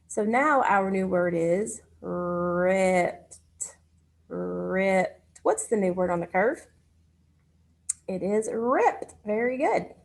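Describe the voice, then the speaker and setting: A woman teaching a phonics lesson to children, speaking patiently and pausing for their answers. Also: mid-range voice.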